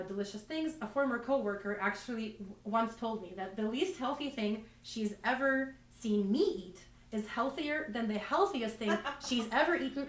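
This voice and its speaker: A woman doing stand-up, telling self-deprecating stories in a rambling way full of restarts. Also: on the high side. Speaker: stand-up comedian. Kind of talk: stand-up comedy storytelling. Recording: roomy, distant mic.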